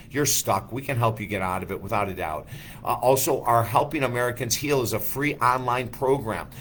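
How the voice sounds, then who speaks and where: A man's voice: lowish voice, fairly bright tone, a little hiss or hum. A man who is a life coach, giving an enthusiastic motivational talk full of rhetorical questions.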